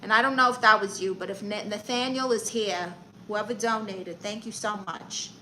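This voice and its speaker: Brash Brooklyn-accented woman, bright sharp voice. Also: mid-range voice, fairly even intonation, normal speed, a little hiss or hum, low-quality recording. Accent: Brooklyn New York. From Brooklyn, New York. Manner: brash, chatty, greeting viewers and reading chat aloud. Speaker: livestream comedy host. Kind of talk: in-character live-stream chat.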